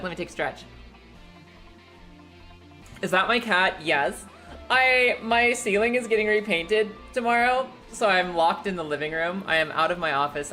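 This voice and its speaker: Young woman, livestream chat, bright voice, lowish pitch, slightly echoey, faint music behind. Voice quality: a little echoey today. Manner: chatty and animated, laughs often, jumps to high excited squeals. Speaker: streamer. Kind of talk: casual chat. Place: living room at home. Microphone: streaming setup.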